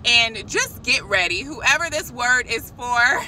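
A woman giving an excited, preachy spiritual message to her viewers from a parked car, calling them y'all. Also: fairly high pitch, slow pace, a little hiss or hum, rough recording. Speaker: christian vlogger. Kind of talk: casual spiritual vlog. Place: parked car outside a shop.

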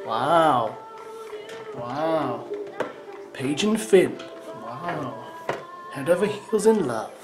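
A man's voice: on the high side, animated, extremely slow, long pauses. A man giving teasing, sarcastic running commentary as he reacts to a show. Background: show soundtrack music.

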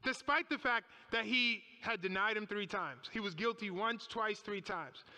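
Guy preaching in a big echoey church, bright voice, asks the crowd lots of questions. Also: high voice, moderate pace. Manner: emphatic, dramatic retelling with rhetorical questions. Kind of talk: sermon.

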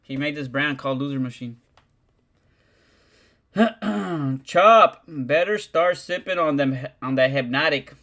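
A man's voice: on the high side, takes it slowly, fairly bright tone. A man, chatting casually on a livestream, rambling and swearing in heavy slang. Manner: profane, slangy, rambling, keeps saying "dog".

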